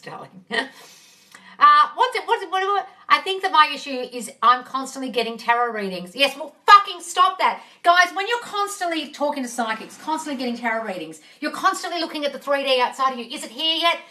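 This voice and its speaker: In a live Q&A chat on her phone, this manifesting coach answers her viewers' questions, curses without holding back, and addresses them as darling. Her voice is high-pitched, bright and pushed. She's recorded slightly distant from the microphone.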